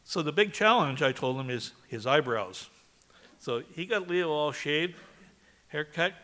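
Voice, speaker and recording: A man's voice: a little high, animated, unhurried, sharp tone. A man from Canada giving a eulogy for his brother, telling chatty anecdotes and laughing along. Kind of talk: storytelling eulogy.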